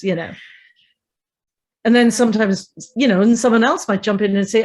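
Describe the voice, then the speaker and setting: A middle-aged woman with an Irish accent, talking about books in a casual discussion and telling lively stories, often quoting pub talk. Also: on the high side, normal speed, long pauses. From Ireland. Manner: animated storyteller, quotes pub talk. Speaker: podcast guest.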